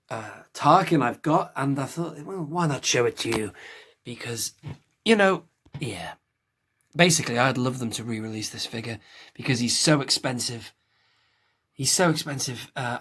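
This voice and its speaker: A man's voice: mid-range voice, fairly bright tone. A man hosting a casual toy review vlog, chatty and rambling, with many restarts and side remarks. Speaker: toy collector host.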